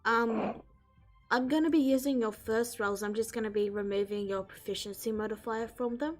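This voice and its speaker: A woman game master narrating a tabletop game, descriptive and pausing to search for words. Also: a little high, fairly even intonation, soft background music.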